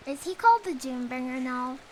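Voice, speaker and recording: A woman's voice: sits high, lively intonation, brisk, a little mellow, a little hiss or hum. A young woman streaming a game, chatting playfully and giggling between remarks. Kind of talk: casual gameplay commentary.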